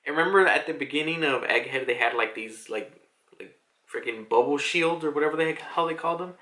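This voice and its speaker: A man's voice: a little high, a little fast, sharp tone. A man giving a casual manga chapter recap, rambling, swearing and leaning on fillers. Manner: rambling, filler-heavy, profane.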